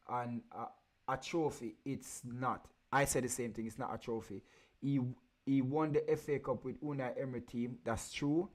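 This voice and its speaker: A man hosting a casual football livestream, reading out viewer comments and answering with teasing slang-filled banter. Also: medium pitch.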